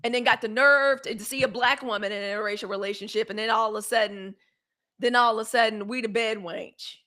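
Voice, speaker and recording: Woman host, fiery emphatic livestream commentary, bright and somewhat high. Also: fairly even intonation, quick pace. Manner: fiery and emphatic, with repeated phrases and AAVE slang. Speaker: host of a live news commentary show.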